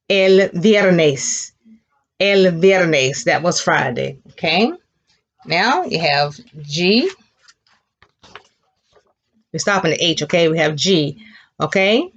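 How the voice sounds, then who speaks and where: Slow, patient woman teaching children. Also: lowish voice, lo-fi sound. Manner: patient, encouraging, models words slowly for children to repeat. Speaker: Spanish teacher. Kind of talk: elementary Spanish lesson.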